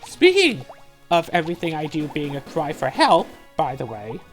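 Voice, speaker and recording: Young woman gaming and ranting, kinda low voice, sarcastic and fed up, faint music behind. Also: expressive, fairly quick. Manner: rambling, venting in a frustrated, sarcastic tone. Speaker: let's play host. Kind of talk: casual commentary while gaming.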